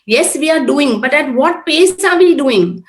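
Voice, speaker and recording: A woman's voice: sits high, lively intonation, measured pace. A middle-aged woman giving an informal talk at a prayer group, earnest and conversational, often checking with "correct?". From Oman-based, Indian. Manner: earnest, conversational, repeats tag questions. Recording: echoey room.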